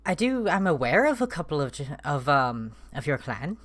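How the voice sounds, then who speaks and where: A woman's voice: mid-range voice, sing-song, moderate pace, dry recording, lightly acted. A woman voicing a polite, awkward young male vampire who speaks formally and hesitantly.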